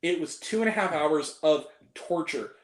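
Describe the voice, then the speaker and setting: A man's voice: a little high, normal speed, echoey room. A young man hosting a casual film review chat, ranting and swearing freely as he picks apart the movies he hated. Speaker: host.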